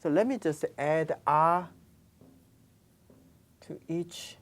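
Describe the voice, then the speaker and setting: A woman's voice: low voice, very slow. A woman teaching pronunciation in a classroom lesson, patiently repeating each sound. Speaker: Korean language teacher.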